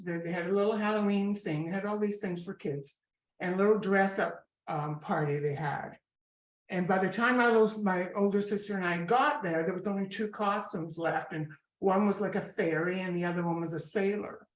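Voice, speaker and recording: A woman in her sixties with a Scottish accent, telling her story with lively asides in an interview. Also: lowish voice. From Scotland. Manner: chatty, animated storyteller with asides. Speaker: guest comedian. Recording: echoey room.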